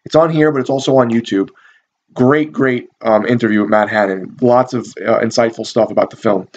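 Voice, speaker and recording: A man chatting through a movie review in a loose, rambling way, full of ums and likes and the odd curse. His voice sits at an ordinary middle pitch. The recording is a bit dull and lo-fi. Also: fairly even intonation, brisk. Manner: rambling, profane, amused, many fillers. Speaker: video reviewer. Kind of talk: casual movie review talk.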